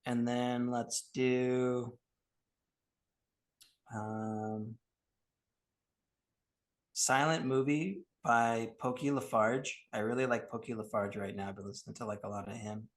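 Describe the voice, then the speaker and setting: A man hosting a casual podcast, talking in a relaxed, easygoing way. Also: medium pitch, slow pace, pauses often. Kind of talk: casual chat.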